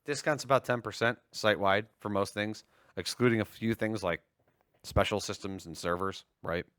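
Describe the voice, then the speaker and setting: A man's voice: lowish voice, no echo. A man co-hosting a casual tech and gaming livestream, joking around and reading sales promos. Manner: joking, animated, reads promos quickly. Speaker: livestream co-host.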